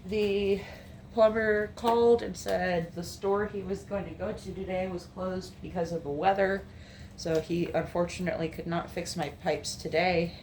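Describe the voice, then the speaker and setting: A woman's voice: lowish voice, fairly even intonation, moderate pace, darkish tone, slight background noise. A young woman with a light Appalachian accent, chatting casually and matter-of-factly in a home vlog, thinking aloud as she goes. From New Jersey, raised in North Carolina and Virginia. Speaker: makeup vlogger. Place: home room.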